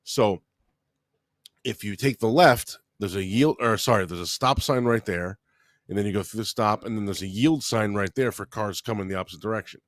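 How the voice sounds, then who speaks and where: A man, co-hosting a comedy podcast and telling a story in an animated way, swearing freely. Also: fairly low pitch, normal speed, no echo. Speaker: podcast co-host.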